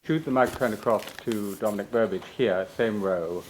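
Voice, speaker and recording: A man chairing a lecture Q&A in a lecture hall, brisk and polite as he passes the microphone. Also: fairly low pitch, a little hiss or hum. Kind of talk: moderating a Q&A.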